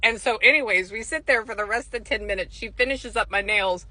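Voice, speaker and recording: A psychic medium, a woman with a young son, tells a casual story in an animated way, acting out the voices of the people in it. Her mid-range voice runs a little fast, and the dry recording has poor audio quality.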